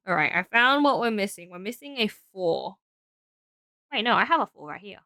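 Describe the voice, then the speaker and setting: A tired young Australian woman chats on a live stream, thinking out loud with lots of fillers. Her voice is bright, crisp and lively in pitch, recorded close and dry. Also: moderate pace, dry recording. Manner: tired, rambling, thinking aloud with frequent fillers. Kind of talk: casual live-stream chat while building.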